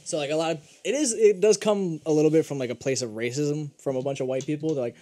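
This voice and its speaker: A man's voice: fairly high pitch, quick pace, few pauses. A man bantering casually with friends over a game, joking and rambling. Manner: joking, rambling, swings between loud bits and mumbles. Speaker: let's play co-host.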